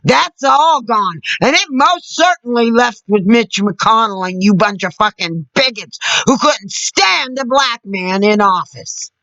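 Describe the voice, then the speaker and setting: An American woman in an angry, profane political rant to camera, shouting at times. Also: a little high, lively intonation, unhurried, hardly any pauses, no room sound, highs cut off. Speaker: vlogger.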